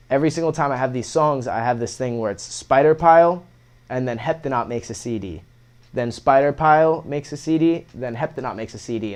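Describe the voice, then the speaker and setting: Laid-back young man telling slangy stories. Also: medium pitch. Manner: laid-back slangy storytelling, swearing, animated retellings. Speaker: guest musician. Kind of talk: casual interview chat.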